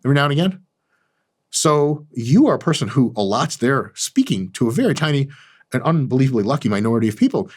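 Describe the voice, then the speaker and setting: A man delivering a comedic advice monologue as host, mock-arrogant, boastful and profane. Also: slightly rough. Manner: lively, animated delivery with big pitch jumps. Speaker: channel host.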